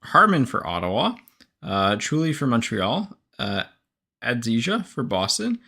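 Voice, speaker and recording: Hosting a live card break, a man reads out player names and teams in a steady list, casually correcting himself and saying "uh" often. His medium-pitched voice is a little slow, creaky and edged with breath.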